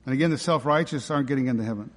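A pastor delivers a sermon in a reverberant hall, his medium-pitched male voice racing along very fast. He preaches emphatically, tossing out rhetorical questions.

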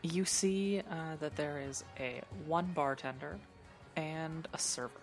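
A woman narrating as game master of a tabletop game, describing scenes at an unhurried pace with small hesitations. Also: low voice, faint music behind.

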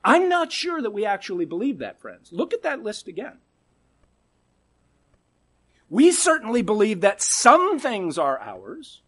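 A man preaching a sermon, emphatic and dramatic, dropping to a hush for key words and asking the congregation rhetorical questions. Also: sits high, wildly swooping pitch, normal speed.

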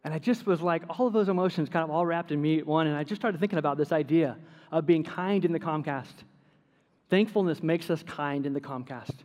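Male pastor, lively storyteller, fairly high voice, reverberant sanctuary. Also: a little fast. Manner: storytelling, animated, laughs at his own stories. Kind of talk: sermon.

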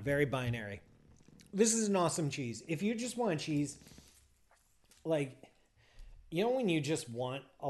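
A man's voice: fairly high pitch, lively intonation, moderate pace, long pauses, a little mellow. A middle-aged man hosting a podcast, answering listener questions in casual, rambling chat with teasing asides.

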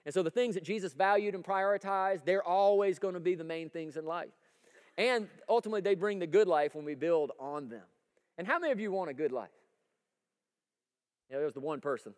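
A man preaching a folksy, energetic sermon and asking the congregation for agreement. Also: high-pitched, fairly quick, in a large hall. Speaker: pastor. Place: church sanctuary.

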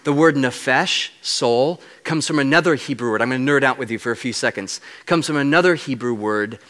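A man preaching a sermon as a guest speaker, animated and playful as he unpacks Hebrew words. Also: medium pitch, fairly quick. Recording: long reverb of a large hall.

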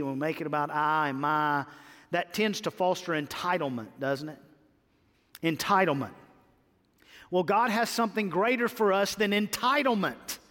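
A male pastor preaching a sermon, repeating phrases and rising to loud exclamations. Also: high voice. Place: church sanctuary. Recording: long hall reverb.

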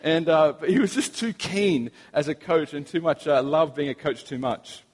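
Young Australian male preacher, slightly raised pitch, easygoing anecdotal delivery, long hall reverb. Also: moderate pace. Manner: relaxed, anecdotal storytelling with humor. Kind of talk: sermon.

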